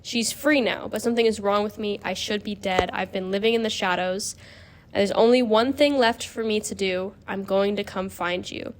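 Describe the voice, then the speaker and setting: A woman playing a grim undead young man in a flat, steady recitation. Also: mid-range voice, moderate pace, slight background noise, natural voice.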